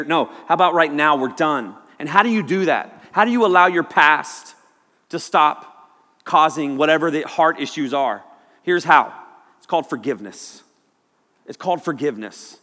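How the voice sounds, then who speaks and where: A man preaching a sermon, telling a personal story in an animated way and sometimes shouting quoted lines. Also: a little high, moderate pace. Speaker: pastor. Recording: long hall reverb.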